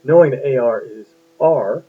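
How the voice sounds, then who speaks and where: A man's voice: mid-range voice, moderate pace, a little hiss or hum. A man teaching a phonics lesson to young children, patient and encouraging, asking lots of questions. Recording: tinny lo-fi phone-like sound.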